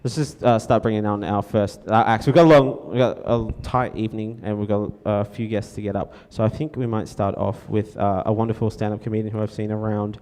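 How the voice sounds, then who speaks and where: A man's voice: fairly low pitch, fairly even intonation, brisk, few pauses, a little mellow. An Australian man hosting a live comedy show, loose and rambling, with lots of fillers and swearing. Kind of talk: casual stand-up banter. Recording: live room with long reverb.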